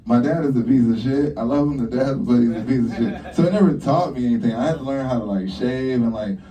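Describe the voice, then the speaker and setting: A young male stand-up comic on a club stage, talking brash and profane. He has a dark, mellow tone and acts out his stories with sudden high jumps in pitch. He sounds set back from the mic. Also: fast talker, far from the mic. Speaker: stand-up comedian. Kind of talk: stand-up routine.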